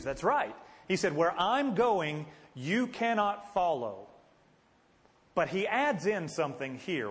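A man's voice: on the high side, long reverb tail. A man teaching a Bible study in a conversational way, asking his listeners questions and answering them himself. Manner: conversational, asks the class questions.

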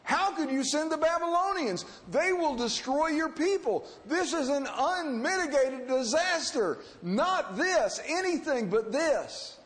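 A distraught ancient prophet cries out in incredulous protest, his voice pushed high and strained, as a preacher acts him out. He pleads against what is coming, and his words ring with a long hall reverb. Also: animated, unhurried, few pauses, fairly bright tone, exaggerated voice. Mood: aghast protest.

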